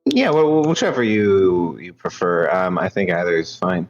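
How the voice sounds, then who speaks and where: Hesitant low-voiced male player. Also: expressive, lo-fi sound, soft background music. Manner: hesitant, many pauses. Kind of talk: casual tabletop game play.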